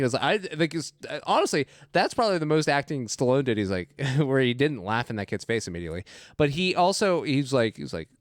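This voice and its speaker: A man's voice: on the high side, very animated, a little fast, no echo, studio quality. A man co-hosting a movie podcast, chatting casually, laughing often and acting out quotes from the film. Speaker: podcast co-host. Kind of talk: casual movie review chat.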